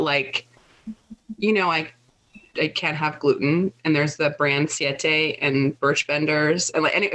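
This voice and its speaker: Bright-voiced chatty woman storyteller. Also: deep voice, poor audio. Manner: chatty storyteller, lots of fillers. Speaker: podcast co-host. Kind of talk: casual chat.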